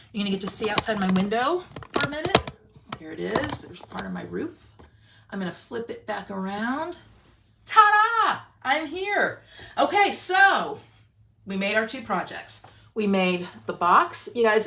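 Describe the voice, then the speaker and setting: A woman's voice: mid-range voice, expressive, normal speed, gravelly, fairly bright tone, a little hiss or hum. Woman from Canada, crafting livestream host, chatty, answers viewers, many restarts, home craft room. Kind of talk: casual livestream chat while crafting. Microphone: phone camera.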